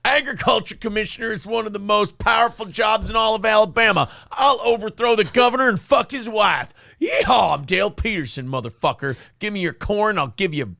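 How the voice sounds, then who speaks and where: A man putting on the voice of a crude, loud older Southern farm politician in a mock campaign ad. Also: high-pitched, animated, normal speed, gravelly, no echo, clean studio sound, heavily acted. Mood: ranting. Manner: crude shouting campaign parody.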